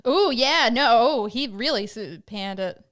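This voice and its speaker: A young woman co-hosts a casual podcast in an easygoing way, laughing along with her partner. Her voice is smooth and clear, sitting a little high. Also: lively intonation, unhurried, fairly bright tone. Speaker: podcast co-host. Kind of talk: casual comedic chat.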